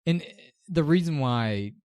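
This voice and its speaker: A man's voice: fairly high pitch, lively intonation, slow pace, a little mellow, dry recording, clean studio sound. A young man co-hosting a casual podcast, swearing often and laughing as he mocks people. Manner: profane, laughing, mocking. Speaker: podcast co-host.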